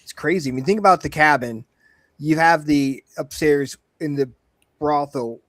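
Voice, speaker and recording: A man hosting a paranormal talk show, enthusiastic and joking, with quick eager reactions. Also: a little high, a bit bright, dry recording. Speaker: podcast host. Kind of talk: casual chat.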